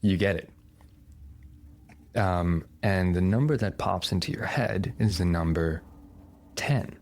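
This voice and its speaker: A man acting as dungeon master, calmly explaining rulings and narrating scenes in a tabletop game. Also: low-pitched, slow pace.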